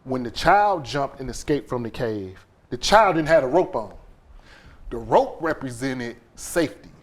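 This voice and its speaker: A man, a podcast guest, telling an emotional personal story in an animated way, acting out scenes with quoted voices and sound effects. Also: mid-range voice, measured pace.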